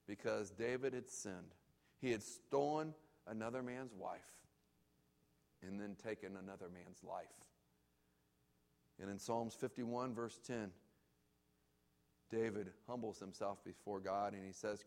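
A male pastor delivers an emphatic sermon in a church. His voice has a gravelly, creaky texture at a mid pitch. He repeats key phrases to drive points home. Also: moderate pace.

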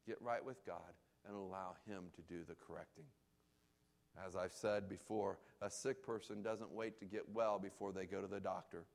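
Gravelly pastor preaching an emphatic sermon. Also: male voice, deep voice, fairly even intonation, normal speed. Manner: emphatic, repeats key phrases.

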